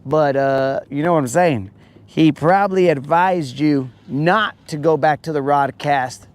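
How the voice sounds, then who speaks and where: A man hosts a live fishing stream, chatting casually with his viewers. His voice sits a bit high for a man and he talks at an unhurried, drawn-out pace, teasing and joking as he goes. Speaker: fishing livestream host.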